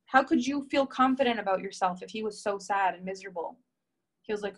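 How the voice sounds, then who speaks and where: A woman's voice: medium pitch, a little fast. A woman coaching a group call, encouraging her listeners and reading out their comments. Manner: warm, encouraging, reads out members' comments. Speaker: relationship coach.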